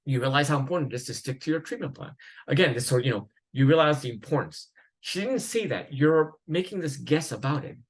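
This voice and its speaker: A man's voice: medium pitch, expressive, fast, low-quality recording. A man lecturing at a psychiatry conference in a conversational way, with fillers, restarts and the odd laugh.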